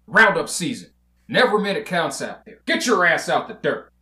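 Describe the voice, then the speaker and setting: Gruff cussing rancher, read by a man, bright twang, roomy echo. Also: on the high side, big pitch swings, a little fast, exaggerated voice. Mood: scolding. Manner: rough drawling scolding. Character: gruff bossy male rancher, impatient and cussing. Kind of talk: comedy table read.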